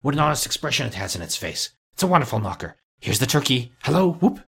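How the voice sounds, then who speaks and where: A man voicing a giddy, reformed elderly miser in a storybook reading, talking with gleeful, breathless warmth. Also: mid-range voice, sing-song, quick pace, creaky, slightly rough, full character voice.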